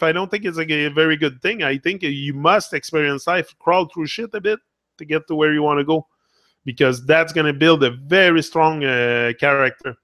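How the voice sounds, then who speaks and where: A man's voice: on the high side, pushed and bright, no echo, clean studio sound. A young man from Quebec with a Québécois French accent, speaking as a motivational host in a blunt, casual monologue, swearing freely and repeating himself. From Quebec, Canada.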